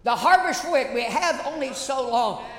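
A woman's voice: high-pitched, expressive, moderate pace, fairly bright tone. A woman pastor preaching a sermon, emphatic, repeating phrases and calling out questions to the congregation. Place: church sanctuary. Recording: echoey church hall reverb.

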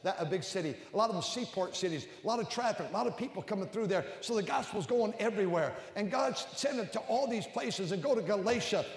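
Older preacher man booming in an echoey hall. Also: lively intonation, quick pace, hardly any pauses. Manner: rising to loud emphatic peaks, then dropping low and intimate. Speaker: pastor. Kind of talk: sermon. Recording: echoey hall with long reverb.

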